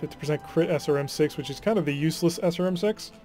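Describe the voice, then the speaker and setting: A man hosting a let's play, talking through his game in a chatty, wry way and sighing when things go wrong. His voice sits a bit on the high side. Light music runs beneath his talk. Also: fast, dark tone. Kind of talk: casual gameplay commentary.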